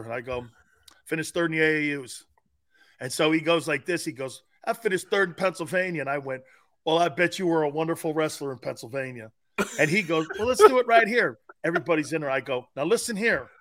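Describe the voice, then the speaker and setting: Loud, animated man telling sports stories. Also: fairly high pitch, quick pace. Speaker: co-host. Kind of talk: casual sports talk.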